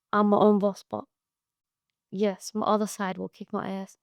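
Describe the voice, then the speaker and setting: A woman hosts her own podcast in a blunt, profane monologue of tough love. Her voice carries a gravelly, creaky edge. The sound is dry and close, with no room around it. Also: mid-range voice, steady tone, normal speed, a little mellow, dry recording. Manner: tough-love pep talk. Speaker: podcast host. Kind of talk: casual monologue.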